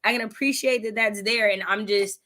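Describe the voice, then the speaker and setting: A woman hosting a casual book discussion, animated and laughing as she acts out her own reactions. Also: mid-range voice, a little fast. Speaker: readathon host. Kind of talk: casual video-call book chat.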